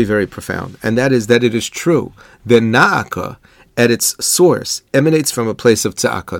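Man, rabbi-style lecture, gravelly voice, dry close sound, earnest explaining. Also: mid-range voice, no echo. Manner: earnest, thoughtful, uses Hebrew and Yiddish terms. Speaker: rabbi giving a Torah lesson.

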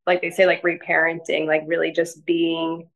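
A woman as a podcast guest, talking in a gentle, rambling casual way, full of "like" fillers. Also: deep voice, monotone, moderate pace, creaky, rough recording. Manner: rambling, filler-heavy with frequent "like"; soft, gentle delivery. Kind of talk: casual interview conversation.

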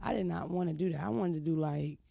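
A brash woman, chatting and telling stories in a loud, profane, animated way. Her voice has a gravelly rasp. The sound is dry and close, with no room around it. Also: sits low, quick pace, dry recording. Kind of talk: casual storytelling chat.

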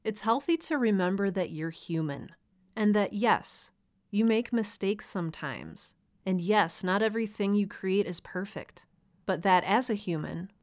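A woman with a fairly low voice hosts a solo podcast for writers. She talks in an earnest, encouraging way and lets a light laugh slip in now and then. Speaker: podcast host.

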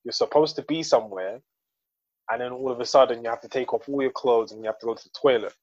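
A man's voice: medium pitch, fast talker, highs cut off, very noisy. A man hosting a podcast, asking questions hesitantly with many ums. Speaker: podcast host. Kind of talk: casual podcast interview.

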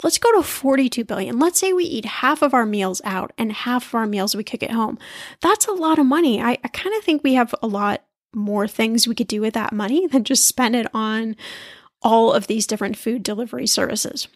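A woman hosting a podcast in a chatty, animated way, laughing easily as she talks. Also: fairly high pitch, moderate pace, dry recording, clean studio sound. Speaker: podcast host. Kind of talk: casual chat.

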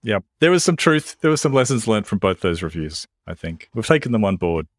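A man's voice: lowish voice, big pitch swings, fairly quick, dry recording. A man co-hosting a podcast in casual chat, with dry, self-deprecating humor. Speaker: podcast co-host.

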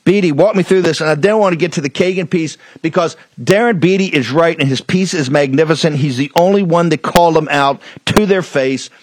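A man's voice: fairly high pitch, brisk, few pauses, no echo. Combative male talk host, dry sound. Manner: combative, blunt ranting with repeated lines. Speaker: political talk show host. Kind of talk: heated political commentary.

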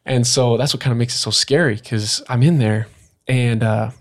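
A young man recounts an old experience as a podcast guest. He speaks at an everyday middle pitch, loose and casual, and his sentences keep stopping and restarting around little fillers. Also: steady tone. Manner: halting, full of "like" and restarts. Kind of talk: storytelling in a casual interview.

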